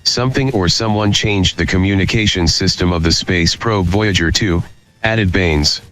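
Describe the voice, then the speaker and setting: Deep-voiced man reading news aloud. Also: normal speed, a bit bright, slight background noise. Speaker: podcast co-host reading news.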